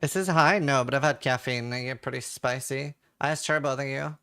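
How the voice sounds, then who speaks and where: Chatty streamer man, bright tense voice. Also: mid-range voice, fairly quick, clean tone. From Norway. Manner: chatty, reads chat aloud, swears casually. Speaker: game streamer. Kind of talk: casual live-stream chat.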